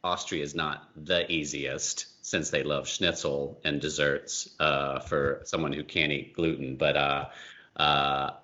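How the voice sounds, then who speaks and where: A man's voice: very deep voice, flat delivery, takes it slowly, bright, forceful tone, dull audio. A man chatting as a guest on a podcast, rambling and self-mocking with lots of fillers. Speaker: podcast guest, film director. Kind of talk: casual chat.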